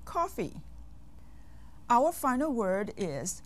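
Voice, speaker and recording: Woman as a patient children's language teacher: slow, clear delivery, animated pitch. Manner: slow, carefully enunciated, with quizzing pauses. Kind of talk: scripted language lesson for kids.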